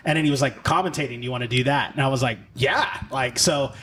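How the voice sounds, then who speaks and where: A man hosting a podcast, telling stories in a lively, laughing way. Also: medium pitch, a little fast. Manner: animated storyteller, laughs often. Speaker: podcast host. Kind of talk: casual interview chat.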